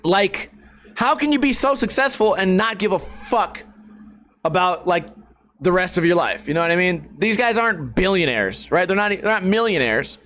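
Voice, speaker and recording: A man hosting a casual solo podcast, talking in a brash, profane and excitable way. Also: sits high, normal speed, a little hiss or hum. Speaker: podcast host.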